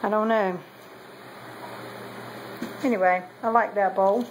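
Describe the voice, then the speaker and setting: A woman's voice: medium pitch, fairly even intonation, slow pace, a little hiss or hum, poor audio. A woman, talking casually in a meandering way with many ums and self-corrections as she shows her pottery. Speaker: potter showing kiln results. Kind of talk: casual show-and-tell vlog.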